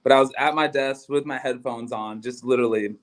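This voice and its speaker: A man co-hosting a sports fan podcast tells a story in chatty, quick bursts. His voice sits at an ordinary middle pitch. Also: steady tone. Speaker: podcast co-host. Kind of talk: casual chat.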